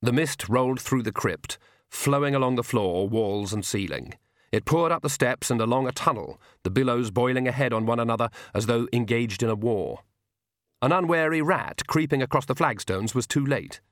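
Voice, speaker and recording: A man's voice: medium pitch, no room sound. Man narrating an audiobook, dry close sound. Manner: measured, steady storytelling. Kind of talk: scripted narration.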